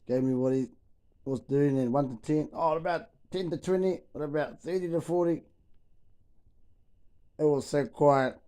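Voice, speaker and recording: A man's voice: mid-range voice, steady tone, moderate pace, dark tone. A man telling casual stories and urging a boy on, laid-back, swearing and calling everyone bro. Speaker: storyteller.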